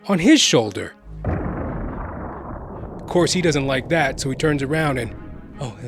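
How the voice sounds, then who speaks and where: A man vlogging, telling a personal story in a casual, animated way and constantly checking in with the listener. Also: medium pitch. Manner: animated, keeps adding "right?".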